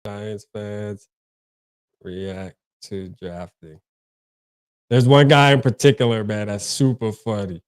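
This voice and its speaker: A man's voice: fairly low pitch, slow pace, pauses often, clear, resonant tone, dry recording, clean studio sound. A man hosting a casual sports fan stream, talking in a laid-back, slangy way. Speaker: sports channel host.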